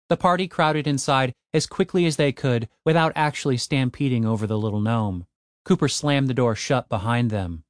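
A man narrating a comic fantasy audiobook in an expressive, wry way. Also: medium pitch, moderate pace, no echo, clean studio sound.

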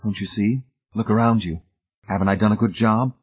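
A man's voice: on the low side, fairly quick, breathy edge. A man voicing a prim, cold spinster. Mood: quietly proud. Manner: calm, matter-of-fact, quietly proud. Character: prim cold middle-aged spinster woman, controlling. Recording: tinny phone-like sound.

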